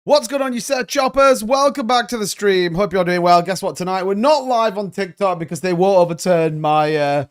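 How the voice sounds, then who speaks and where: A man's voice: sits high, normal speed, hardly any pauses, clear, resonant tone, faint music behind. A man hosting a crypto livestream, chatting casually and greeting viewers by name.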